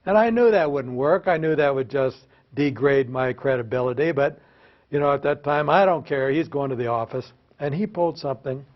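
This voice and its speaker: A man's voice: mid-range voice, brisk, highs cut off. An older American man, a former teacher, telling self-mocking stories to an audience and asking them questions. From United States. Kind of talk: humorous storytelling talk to an audience.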